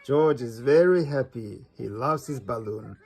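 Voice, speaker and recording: A man reads a children's picture book aloud at an unhurried pace. His voice is gravelly and slightly husky, with a mid-range pitch. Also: darkish tone, soft background music. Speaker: storybook reader. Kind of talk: reading a children's storybook aloud.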